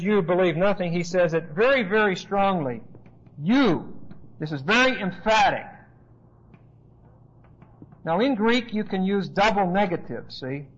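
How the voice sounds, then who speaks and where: Brief: emphatic male Bible teacher, high voice, dull lo-fi recording. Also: expressive, measured pace, long pauses, slightly rough. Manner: explanatory, emphatic, with asides and rhetorical questions.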